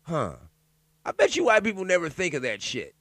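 Animated, profane man riffing solo. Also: sits high, dry recording. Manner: loud, profane, animated riffing with laughs and asides; reads news out loud haltingly. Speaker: commentator. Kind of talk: casual profane commentary monologue.

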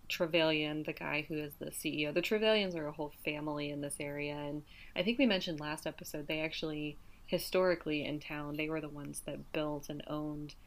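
A woman with a low-pitched voice talks through a book's plot in casual podcast chat. She is a little hoarse, and she rambles with plenty of "like" and "um" as she goes. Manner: chatty, summarizes plot with many fillers. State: slightly hoarse. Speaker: podcast co-host. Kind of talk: casual book discussion.

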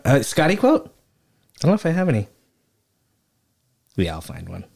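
A man's voice: medium pitch, wildly swooping pitch, normal speed, creaky, a little mellow. A man co-hosting a casual podcast, rambling playfully about a favorite show. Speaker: podcast co-host. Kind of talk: casual chat.

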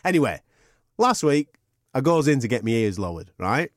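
A podcast co-host, a man, tells a rambling, sweary tale with lots of laughs. His pitch swings widely as he acts out the story. The recording is close and dry. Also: moderate pace, no room sound. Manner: animated anecdote with sweary banter and laughter. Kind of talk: casual storytelling chat.

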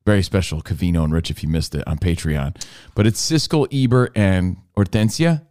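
Low-voiced, playful male host. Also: a little fast, darkish tone, dry recording, studio quality. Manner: chatty, playful. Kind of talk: casual chat.

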